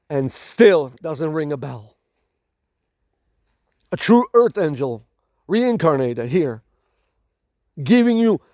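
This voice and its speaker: A man's voice: a little high, darkish tone, dry recording, studio quality. A man with a non-native accent, giving a dramatic, preachy spiritual monologue to camera, with emphatic repetition and restarts. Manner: dramatic, preachy, repeats "my galactic family". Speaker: spiritual channel host.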